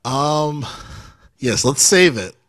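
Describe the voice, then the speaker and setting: A man hosting a casual gaming podcast, laughing along and reading out the show's plugs in a relaxed way. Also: on the high side, slow pace, no echo. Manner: laughs often, reads show plugs in a relaxed way. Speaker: podcast host. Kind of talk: casual chat.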